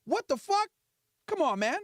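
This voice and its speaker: High-pitched, animated ranting man. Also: moderate pace, no room sound. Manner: profane, heated, mocking. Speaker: livestream host. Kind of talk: livestream rant.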